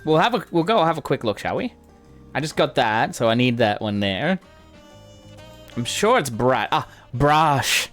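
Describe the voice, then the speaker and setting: A man playing through a game and commenting casually, with excitable, gushing exclamations. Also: medium pitch, unhurried. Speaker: gamer streamer. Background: game music.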